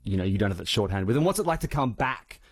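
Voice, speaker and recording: Smooth-asking male interviewer. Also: on the low side, big pitch swings, fast talker. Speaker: interviewer, host. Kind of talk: interview questions.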